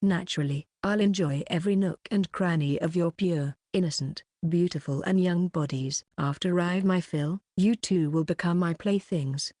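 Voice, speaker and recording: A woman reading the lines of a lecherous, cruel male lord in a low, dark voice with a gloating tone. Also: normal speed, hardly any pauses, no room sound, clean studio sound, lightly acted. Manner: gloating, leering.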